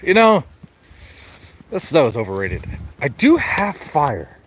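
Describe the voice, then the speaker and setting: A man's voice: fairly high pitch, wildly swooping pitch, takes it slowly. Joking man filming outdoors in wind. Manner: jokey, rambling, mock-outraged outbursts. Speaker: vlogger. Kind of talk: joking vlog while walking in snow. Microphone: phone held while walking. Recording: loud wind noise on phone mic.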